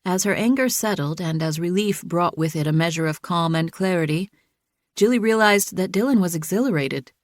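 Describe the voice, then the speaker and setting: A woman narrating an audiobook thriller in a steady, measured reading. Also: fairly low pitch, dry recording, studio quality. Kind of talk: scripted narration.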